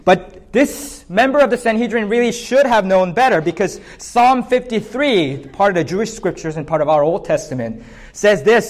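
Man, pastor, preaching a sermon, fairly high pitch, builds up on key points. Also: lively intonation, moderate pace. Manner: expository preaching, rising in pitch and force on emphatic points.

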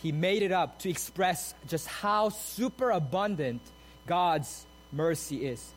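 A man preaching a sermon, moving from steady explanation of the text to emphatic, soaring repeated phrases. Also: sits high, slow, rough recording. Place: church sanctuary.

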